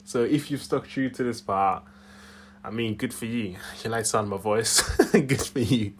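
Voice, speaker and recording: A young host speaks at normal speed in a lowish but fairly bright voice, rambling through casual commentary by himself in his room. He chuckles a lot, his Yorkshire accent carries a Nigerian tinge, and there's a faint hiss or hum.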